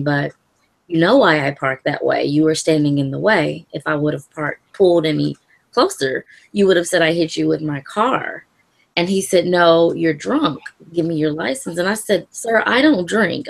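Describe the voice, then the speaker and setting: A woman with a very low voice and a gravelly, creaky texture recounts her own experience in an interview. She speaks calmly and in measured phrases, with the odd soft laugh. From Louisville area, Kentucky. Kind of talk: personal account in an interview.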